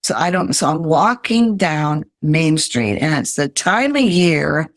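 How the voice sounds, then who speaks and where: A woman's voice: low-pitched, sing-song, measured pace, dry recording, studio quality. An older woman, a podcast guest, earnestly telling her life story in an interview.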